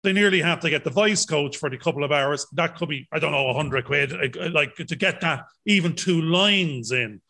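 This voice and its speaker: A co-host in casual interview chat, jokey and quick to jump in with questions. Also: male voice, a little high, vocal fry, sharp tone.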